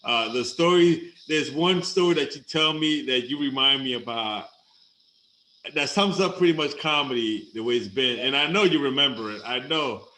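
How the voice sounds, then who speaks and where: A man in a casual chat, emotional and quick to laugh. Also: mid-range voice, pushed and bright. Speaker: host. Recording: echoey room with faint ambience.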